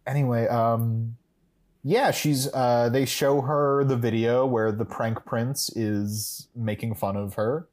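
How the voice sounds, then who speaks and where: A male podcast co-host recaps an episode in casual chat, rambling and correcting himself with dry, wry humor. His medium-pitched voice is steady and a little mellow, and he speaks slowly.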